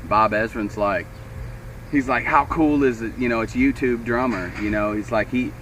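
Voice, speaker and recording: A man's voice: medium pitch, normal speed, distant mic, low-quality recording. A Kentucky man tells a loose, profane story, jumping into other people's voices as he goes. He sits a little back from the mic. Faint traffic noise hums behind him. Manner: rambling, animated, profane, quotes others in raised voice. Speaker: show co-host. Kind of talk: casual storytelling chat.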